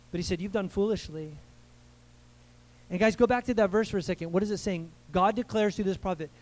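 High-voiced preacher asking for amens. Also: male voice, darkish tone, poor audio. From United States. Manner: conversational preaching, asks the crowd for amens. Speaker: pastor. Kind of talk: sermon.

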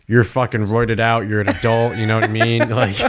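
A man chatting casually, telling rambling, profane, animated stories. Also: on the low side, a little fast, a little hiss or hum. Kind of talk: casual chat.

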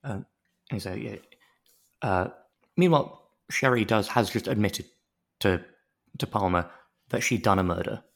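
A man's voice: fairly low pitch, moderate pace, vocal fry, pauses often, fairly bright tone. A man co-hosting a podcast, recapping a TV show in casual, playful chat and acting out the characters' lines. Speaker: podcast co-host.

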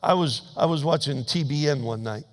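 A man with a high-pitched voice delivers a sermon in a folksy, humorous storytelling manner. He swings between emphatic, raised declarations and quiet asides. Each phrase trails off into the long reverb of a large church sanctuary. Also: normal speed. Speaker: pastor.

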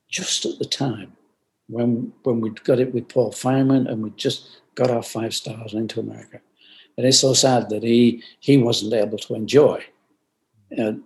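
An older man, a company founder, giving earnest reflective interview answers over a remote video call, often repeating phrases and clearing his throat. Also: medium pitch, a little mellow, poor audio. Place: at home in France.

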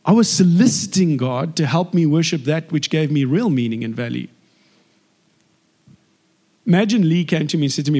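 A South African man sharing a personal testimony in an animated storytelling manner. His voice sits a bit high for a man, and he slips into acted dialogue as he goes. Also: moderate pace, long pauses. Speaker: actor giving a faith testimony.

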